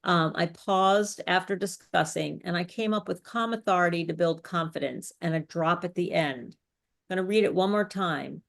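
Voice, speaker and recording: A woman's voice: fairly low pitch, moderate pace, gravelly. Woman coaching in a chatty online workshop. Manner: demonstrative, explains step by step, chatty asides. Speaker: speech coach. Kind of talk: live online workshop teaching.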